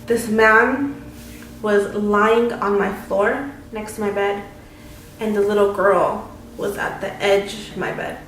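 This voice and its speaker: A woman's voice: medium pitch, steady tone, slow, fairly bright tone, distant mic. A young woman vlogger recounts her story in a chatty, dramatic way, full of fillers. Her voice sits in the middle of the range and echoes around the room. The mic is some way off, with faint noise in the background. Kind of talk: casual storytime.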